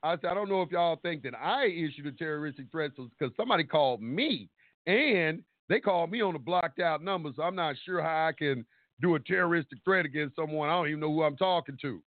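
High-voiced man telling a story over the phone. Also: a little fast, no room sound. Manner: animated storytelling, acting out quotes, swearing. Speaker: caller. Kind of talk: call-in radio storytelling. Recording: tinny phone line, dry.

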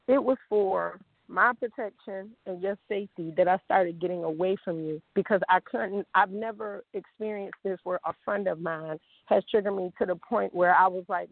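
A woman's voice: medium pitch, no room sound. A woman rants bluntly and with heavy cursing, confronting someone directly in an unscripted vlog. Her voice comes through a narrow, phone-like band. The sound is dry, with no room around it. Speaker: vlogger. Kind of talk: unscripted rant to camera.

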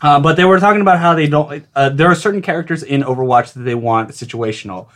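A man's voice: a little high, a bit bright, a little hiss or hum. A man co-hosting a casual gaming podcast, rambling through his topic with a playful, easily amused manner. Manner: rambling, quick to laugh, playful. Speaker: podcast co-host.

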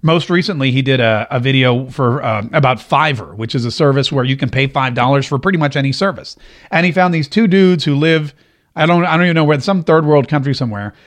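A middle-aged man hosting an opinion talk show, talking in an animated, rambling way and often repeating himself. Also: medium pitch, brisk. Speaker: host.

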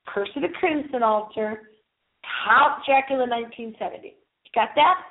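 A woman hosting a call-in internet radio show, campy and theatrical, teasing her listeners with swooping, drawn-out words over a tinny phone line. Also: fairly high pitch, slight background noise.

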